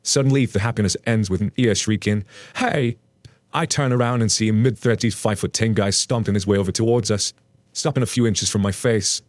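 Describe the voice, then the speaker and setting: A man's voice: on the low side, steady tone, fast talker, no room sound. A man casually narrating online stories, chatting directly to his listeners. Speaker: story narrator.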